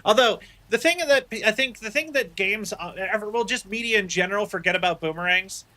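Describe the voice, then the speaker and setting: Bright-voiced chatty male streamer. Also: sits high, fairly quick, dry recording. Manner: chatty, rambling, self-deprecating. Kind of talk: casual gameplay commentary.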